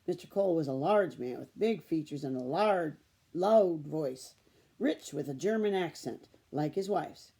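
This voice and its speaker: A woman reading a children's chapter book aloud in a steady storytelling manner. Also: deep voice, a little slow, creaky, breathy edge. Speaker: storybook reader.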